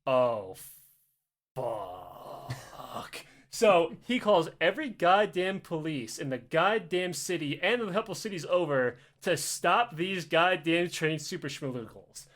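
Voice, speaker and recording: A man casually telling a history story on a podcast, animated and profane, acting out quotes and laughing often. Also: high voice, measured pace, hardly any pauses.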